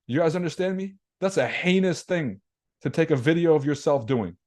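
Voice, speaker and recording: A man's voice: a little high, animated, moderate pace, darkish tone. A young man hosting a trading webinar, talking bluntly and casually with slang, profanity and rhetorical questions to his viewers. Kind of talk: casual livestream market commentary.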